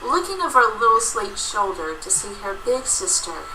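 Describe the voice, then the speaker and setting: A woman narrating a fan fiction story in an expressive storybook manner. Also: medium pitch, moderate pace, a crowd in the background, low-quality recording.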